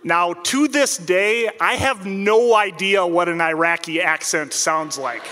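A man tells a personal story with wry, deadpan comic timing. His voice sits high and bright for a man, and a long hall reverb trails each phrase. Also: unhurried, soft background music. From central Minnesota, United States.

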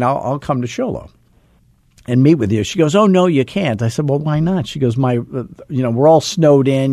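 A man's voice: medium pitch, no echo. A man in his sixties, a real estate coach, telling a self-deprecating story on a call and acting out the dialogue. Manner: animated, acts out quoted dialogue; self-deprecating, chuckles often.

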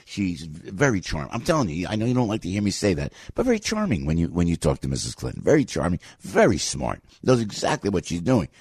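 A fired-up man holds forth on his talk radio show, rambling and swinging between loud outbursts and low muttered asides. His voice sits fairly low but leaps around wildly in pitch, with a husky edge. The sound is dry and close. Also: huge pitch swings, quick pace, hardly any pauses, no echo. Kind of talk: opinionated talk radio monologue.

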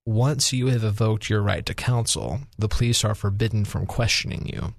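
Gravelly-voiced attorney guest. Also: male voice, fairly low pitch, steady tone, normal speed, no room sound, clean studio sound. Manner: explains legal advice step by step. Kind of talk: radio talk show guest.

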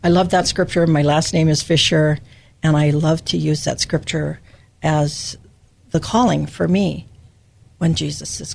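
A woman's voice: low-pitched, fairly even intonation, measured pace, creaky, darkish tone. An older woman from Hawaii giving a personal, emotional devotional Bible teaching as a podcast host.

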